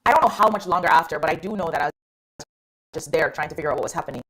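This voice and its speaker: A young woman guest on a radio talk show, telling her story in a lively, casual way with frequent laughs. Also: sits low, very fast, husky. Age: young adult.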